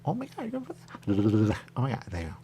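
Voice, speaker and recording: A man's voice: fairly low pitch, wildly swooping pitch, fast talker, background noise. A man hosting a radio show in loose, rambling on-air chat, drifting between thoughts and repeating stock phrases.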